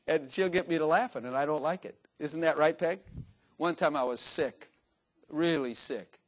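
An older man delivers a sermon, his voice sitting a little high for a man. He preaches in a folksy, joking way, slipping into little acted-out dialogues with different voices. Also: unhurried, long pauses. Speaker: pastor.

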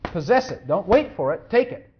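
A pastor preaching a sermon, emphatic and repetitive, hammering each point home and sometimes mumbling quietly while looking something up. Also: medium pitch, very animated, normal speed, a little hiss or hum. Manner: drops to quiet mumbling when searching for a verse. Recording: dull lo-fi recording.

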